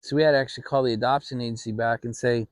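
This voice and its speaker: A middle-aged man hosting his own channel, telling a family story in a relaxed, rambling way with frequent restarts. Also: mid-range voice, rapid-fire, dry recording. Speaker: channel host. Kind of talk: casual storytelling. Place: home, relaxed fireside setting.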